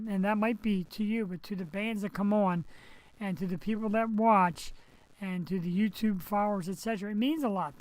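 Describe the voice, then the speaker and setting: A man's voice: high-pitched, rough recording. Guy hosting a live web show from home, rambly and chatty, cracks little jokes, on a headset mic, just post surgery. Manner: rambling, chatty, jokey asides. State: recovering from surgery. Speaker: host. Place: home setup, streaming.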